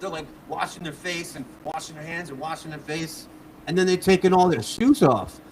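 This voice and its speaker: A man's voice: a little high, normal speed, a little hiss or hum. Rambling man telling a story. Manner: rambling, laughing, many fillers. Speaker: guest on a live show. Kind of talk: casual storytelling. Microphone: wearing a mask.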